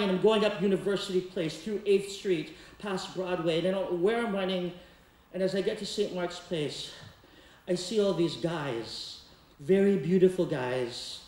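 A man telling a comic, theatrical personal story on stage, now and then breaking into song. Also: high voice. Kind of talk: live storytelling performance. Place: community center stage before a laughing audience. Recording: echoey hall, distant mic.

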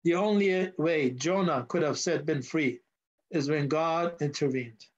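Brief: male pastor, sermon storyteller, slow delivery, muffled church recording. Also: fairly high pitch. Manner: storytelling, asks the congregation questions. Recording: dull lo-fi sound.

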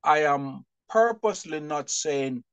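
A middle-aged man, a publisher and bookseller, telling stories in an animated, expressive way during an interview and often laughing. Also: on the high side, unhurried, clear, resonant tone, dry recording.

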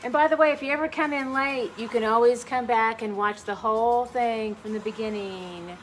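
A middle-aged woman teaching a live online painting class in a gentle, chatty way, greeting viewers by name as she works. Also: on the high side, normal speed, slight background noise, rough recording. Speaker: painting instructor.

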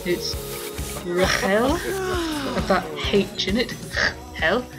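A young woman chats her way through a life-simulation game at an unhurried, drawn-out pace. She rambles and giggles, thinking aloud between long pauses, with faint music under her voice. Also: lowish voice, lively intonation. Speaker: let's play host. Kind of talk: casual gameplay commentary.

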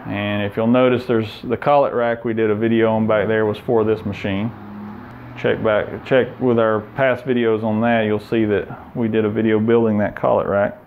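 A man giving a relaxed, plain-spoken tour of his indoor workshop, pointing out machines and tools. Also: lowish voice, normal speed, phone-quality sound, a little hiss or hum. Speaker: shop owner giving a tour. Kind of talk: casual walkthrough tour.

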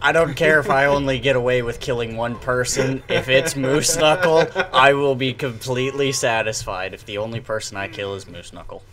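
A man's voice: medium pitch, normal speed, few pauses, crowd noise. A man hosting a gaming video, joking crudely and mocking other players while he plays. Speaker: gaming channel host. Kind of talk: casual gameplay chat.

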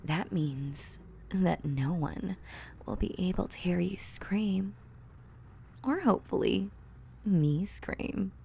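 A young woman playing an obsessive girl who has kidnapped her crush, giggling, teasing and dropping into soft whispers, in an audio role-play. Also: lowish voice, lively intonation, slow pace, vocal fry, slightly rough, heavily acted. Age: young adult. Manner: breaks off to fix her own lines. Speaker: voice actress.

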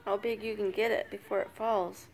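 An older woman, a grandmother babysitting, softly narrating a home video in an upstairs family room, often dropping to a whisper and coaxing the little ones. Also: medium pitch, level tone, moderate pace, vocal fry. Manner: soft-spoken, often hushed to a whisper; coaxing, praising grandmotherly baby talk. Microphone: handheld phone camera.

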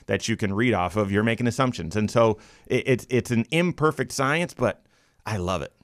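A man hosting a radio finance show from a studio, talking fast and energetically. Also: on the low side, animated, dry recording.

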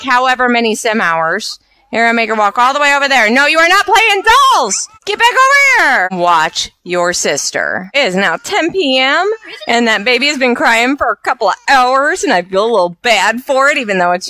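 A woman with a high, bright voice commentates her life-sim game. She barks orders and scolds the little characters on screen with exasperated bossiness. Her tone stays sharp and lively throughout. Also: clear, resonant tone. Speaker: let's play host. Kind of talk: gameplay commentary.

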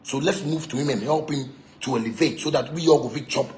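A man's voice: medium pitch, fairly quick, darkish tone. A man from Ghana with a Ghanaian Pidgin English accent, a musician ranting in a boastful, taunting, profane monologue that keeps repeating its points. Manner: repetitive, insistent.

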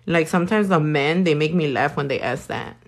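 A woman's voice: deep voice, a little fast, gravelly. A woman doing nails while talking casually to a live audience, blunt and profane, full of slang. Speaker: nail artist.

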